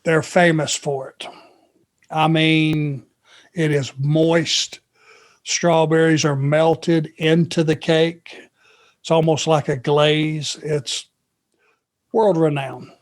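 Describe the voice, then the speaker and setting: A man spins a story on a podcast at a leisurely, stretched-out pace. His voice sits a touch higher than most men's. He lets each detail hang before moving on. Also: level tone. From Georgia, USA. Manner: unhurried, drawn-out anecdotal telling. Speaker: podcast co-host. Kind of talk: casual storytelling chat.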